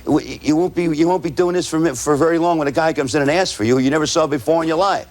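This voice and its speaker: A man teaching salespeople, walking through his method point by point and tagging his points with "right?". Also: a little high. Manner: tags points with rhetorical "right?"; spells out words slowly. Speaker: sales trainer. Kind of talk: lecture to salespeople.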